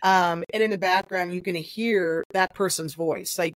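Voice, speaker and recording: A woman's voice: lowish voice, steady tone, unhurried, no echo, rough recording. A middle-aged woman, a guest investigator and trainer, explaining earnestly in conversation, with many fillers and restarts. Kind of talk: conversational interview answer.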